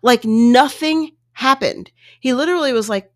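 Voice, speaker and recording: Woman, casual monologue, lively ups and downs, dry close sound, exasperated retelling. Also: medium pitch, unhurried, no echo. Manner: animated, exasperated retelling with quoted voices.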